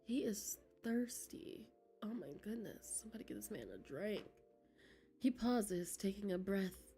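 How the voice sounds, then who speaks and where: A woman's voice: lowish voice, lively intonation, unhurried, mellow, soft background music. A woman streamer reading a game aloud, giggly and flustered, dropping into whispers as she reads.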